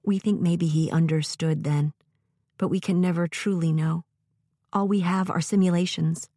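Mellow, low-voiced woman narrating a story. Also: steady tone, no room sound, clean studio sound. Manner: gentle, measured storytelling.

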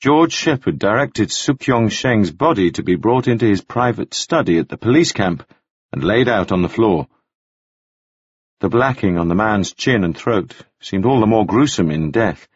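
A man reading a novel aloud as narrator, measured and expressive. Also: lowish voice, slightly rough, no room sound. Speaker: audiobook narrator. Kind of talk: scripted narration. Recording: dull, dry lo-fi audio.

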